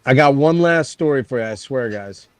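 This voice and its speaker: A man hosting a casual stream, telling stories to his friends in an excited, profane way. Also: medium pitch, moderate pace, no room sound. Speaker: stream host. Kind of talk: casual chat storytelling.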